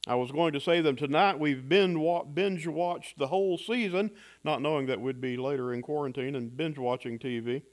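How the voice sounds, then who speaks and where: A man preaching a sermon in a measured, reflective way, pausing for effect. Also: fairly high pitch. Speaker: pastor.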